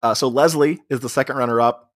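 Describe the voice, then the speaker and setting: A man's voice: medium pitch, fast. A man co-hosting a podcast, casually recapping a comedy film, laughing often and acting out quoted lines. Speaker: podcast co-host. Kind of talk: casual movie recap chat.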